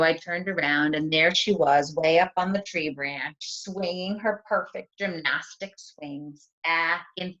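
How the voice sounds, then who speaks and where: A woman teacher on a video call, telling a story in an animated storyteller voice for a writing lesson. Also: deep voice. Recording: dull lo-fi sound.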